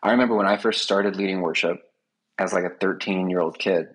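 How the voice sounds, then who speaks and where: A man's voice: low voice, fairly even intonation, a little fast, slightly rough, low-quality recording. A man speaking as a podcast guest, talking earnestly and with many fillers in a casual conversation.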